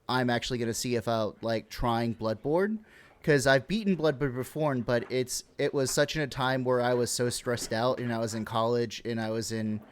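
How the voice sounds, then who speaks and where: A man's voice: mid-range voice, clean tone. Rambling laid-back young podcast man. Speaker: podcast co-host. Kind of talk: casual podcast chat.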